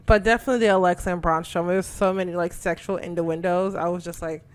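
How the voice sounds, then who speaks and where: Casual co-host, young woman; animated, outspoken, laughs easily. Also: fairly low pitch, fast talker. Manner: animated, swearing, laughs often. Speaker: podcast co-host. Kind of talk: casual chat.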